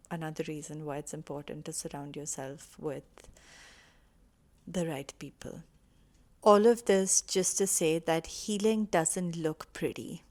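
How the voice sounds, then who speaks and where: A woman talking to camera, earnest and reassuring as she shares personal advice. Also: sits low. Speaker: vlogger sharing personal healing advice. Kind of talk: casual heartfelt talk to camera.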